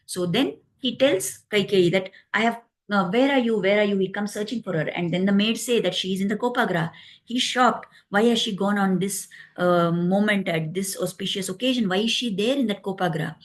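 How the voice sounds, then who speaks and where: A woman retelling a devotional epic in an explanatory way, with pauses and fillers. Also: medium pitch. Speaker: storyteller.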